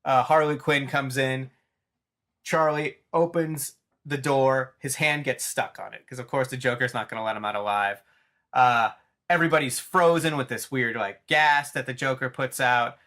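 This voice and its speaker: Bright, excited man retelling a story. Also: medium pitch, moderate pace. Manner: excited, rambling, with restarts. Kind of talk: casual chat, animated retelling.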